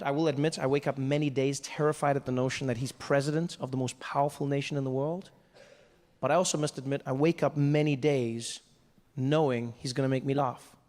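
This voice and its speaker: A man from South Africa doing stand-up comedy on a theater stage with a handheld mic, telling stories in a conversational, animated way. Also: a little high. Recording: long reverb of a live theater with faint noise.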